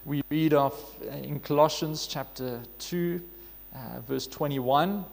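A man with a fairly high voice delivers a sermon, reading scripture aloud and then working through it. He speaks earnestly, with plenty of "uh" and restarted phrases. The sound carries a long reverb, as if from a large hall. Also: slow pace, gravelly. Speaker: preacher.

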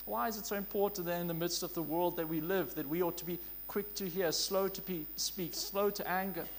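A man preaching with a notably high voice. He speaks earnestly and with emphasis, and he slows right down to stress the phrases that matter. A faint hum runs under the sermon. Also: fairly even intonation.

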